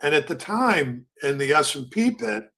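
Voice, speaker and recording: An older man talks in a loose, rambling way, telling stories as the host of a trading show. His voice sits a little high for a man, and he slips into the voices of brokers and clerks as he goes. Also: big pitch swings, normal speed, gravelly, bright, forceful tone. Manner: rambling, acts out pit quotes. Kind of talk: casual storytelling.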